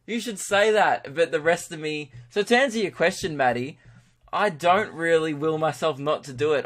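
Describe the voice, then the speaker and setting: A man's voice: a little high, a bit bright. A young Australian man hosting his own comedy podcast, talking loosely and impulsively, swearing and laughing at his own jokes. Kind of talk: casual solo podcast chat.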